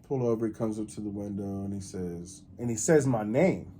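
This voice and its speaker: A man's voice: lowish voice, moderate pace, dark tone, slight background noise. A man hosting a podcast, telling a rambling story with many fillers and restarts. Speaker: podcast host. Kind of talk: casual storytelling.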